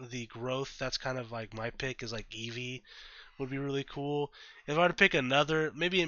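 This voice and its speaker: A man with a bright, forceful voice rambles through casual game commentary, full of ums and restarts. The sound is dry and close, a bit dull and lo-fi. He turns blunt and salty when something bugs him. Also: medium pitch, no echo. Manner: rambling, filler-heavy, thinks aloud; blunt and profane when annoyed. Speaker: gaming YouTuber.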